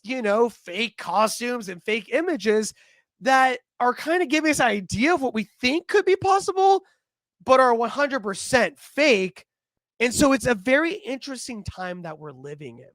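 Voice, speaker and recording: A woman hosting a casual podcast chat, speaking at an unhurried, slow pace. She talks conversationally and sometimes searches for her words. The recording is dry and close. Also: on the high side, fairly bright tone, no echo. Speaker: podcast host. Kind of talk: casual discussion.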